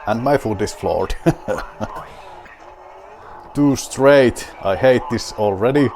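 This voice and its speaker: A man's voice: mid-range voice, unhurried, darkish tone, a little hiss or hum. A man with a Finnish accent playing a rally game and talking to himself, wry and mock-grand, with a beer at hand. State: drinking beer while playing. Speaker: gaming video host.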